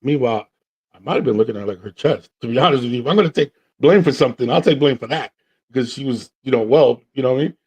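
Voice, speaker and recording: A man hosting a podcast, telling stories in a casual, slangy, animated way and acting out what people said. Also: medium pitch, fast talker, slightly rough. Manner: animated, slangy, acts out quotes. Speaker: podcast host. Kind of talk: casual storytelling chat.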